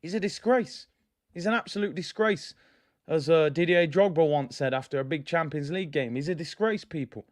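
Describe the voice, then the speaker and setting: A man hosts a football fan vlog. His voice sits a bit high, and he talks bluntly and passionately, hammering points home by repeating them. He keeps turning to his viewers and calling them "people.". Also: normal speed. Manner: addresses viewers directly as "people". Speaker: football fan channel host. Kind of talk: ranting fan reaction vlog.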